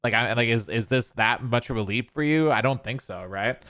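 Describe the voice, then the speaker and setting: A man's voice: mid-range voice, normal speed, a bit bright, no echo, clean studio sound. Angry profane male streamer. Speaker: streamer commentator. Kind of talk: ranting commentary.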